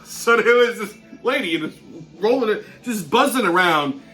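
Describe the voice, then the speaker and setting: Guy ranting on his show, high sharp voice, swears nonstop, blunt as hell, faint music behind. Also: animated, moderate pace. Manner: blunt, heavily profane; laughs through his own stories. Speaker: show host. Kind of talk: ranting monologue.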